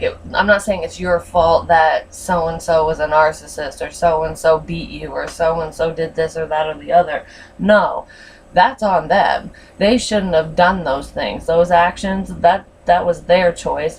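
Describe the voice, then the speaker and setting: A woman's voice: deep voice, far from the mic, slight background noise, rough recording. A woman giving a casual tarot reading, blunt and frank, swearing freely. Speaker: tarot reader.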